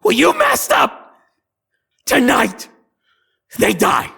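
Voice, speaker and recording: A man's voice: on the high side, wildly swooping pitch, extremely slow, gravelly, fairly bright tone, breathy edge, no echo, clean studio sound, voice pushed up, full character voice. A man voicing a sinister, hungry female hag who mocks and cackles in a sing-song way. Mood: cackling. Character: sinister hungry female hags, mocking and gleeful.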